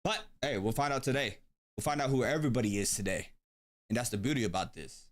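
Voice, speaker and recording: A man's voice: medium pitch, animated, fast. Laid-back man hosting a stream. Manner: laid-back, thinks aloud with many ums. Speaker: tournament stream host. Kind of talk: casual live-stream commentary.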